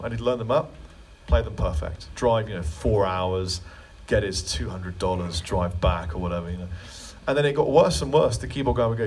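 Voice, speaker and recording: A man's voice: lowish voice, animated, a little fast, few pauses, husky, far from the mic. A man leading a guitar clinic in a music store, answering questions in a chatty, joking way. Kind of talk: live clinic Q&A storytelling.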